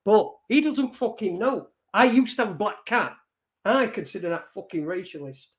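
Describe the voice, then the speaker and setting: High-pitched guy ranting on his stream, reading out insults and swearing a lot. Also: lively intonation, normal speed. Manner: sweary, mocking, reads out messages. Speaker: online show host. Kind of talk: casual live-stream rant.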